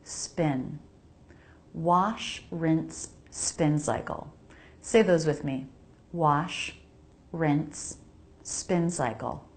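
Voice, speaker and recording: An American woman with a low voice and drawn-out words gives an English pronunciation lesson from her home laundry area. As a pronunciation teacher, she carefully models each sound and repeats words so viewers can say them along with her.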